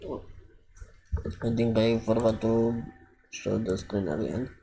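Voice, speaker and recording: A man giving casual gameplay commentary, hesitant and thinking aloud with many pauses. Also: lowish voice, steady tone, gravelly, mellow, a little hiss or hum. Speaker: gaming streamer.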